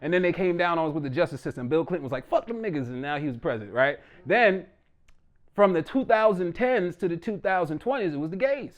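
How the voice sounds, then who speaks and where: A man performing a profane, animated stand-up comedy set on a small stage in a living room. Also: on the high side, fast talker. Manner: loose, profane street talk, animated delivery.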